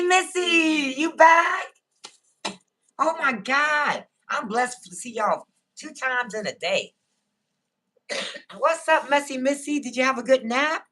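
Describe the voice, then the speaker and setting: A woman's voice: a little high, fairly bright tone. A woman hosting a casual livestream, greeting viewers by name and answering the chat on her phone. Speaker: livestream host.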